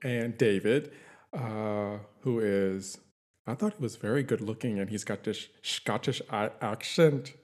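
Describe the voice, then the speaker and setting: A man's voice: on the low side, unhurried, darkish tone. A man chatting casually, recapping a TV series in a rambling, easygoing way with many fillers. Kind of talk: casual chat.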